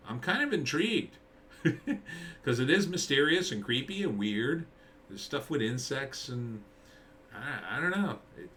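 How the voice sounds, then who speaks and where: A man's voice: mid-range voice, sharp tone, slight background noise. A middle-aged man, a screenwriter, giving casual rambling commentary on a movie trailer, thinking aloud with many fillers and restarts. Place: at home with a dog nearby.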